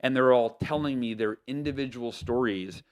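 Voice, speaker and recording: Animated American man telling stories. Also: mid-range voice, moderate pace. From United States. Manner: animated, loose talk with many fillers and self-corrections. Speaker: podcast guest, author. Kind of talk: casual storytelling interview.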